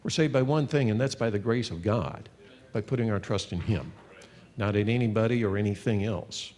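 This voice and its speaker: Low-voiced man preaching in a reverberant hall. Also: moderate pace, darkish tone. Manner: earnest, conversational, reads scripture aloud. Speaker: pastor. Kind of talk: sermon teaching.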